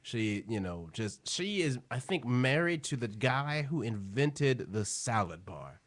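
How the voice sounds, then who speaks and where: A man's voice: medium pitch, sing-song, unhurried. A man in loose, profane comedic banter on a podcast, rambling and slangy.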